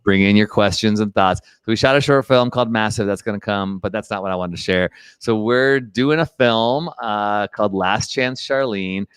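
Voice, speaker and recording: Upbeat male co-host with a smooth voice. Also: fairly low pitch, no echo, clean studio sound. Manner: upbeat, encouraging, quick asides. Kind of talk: live online chat show.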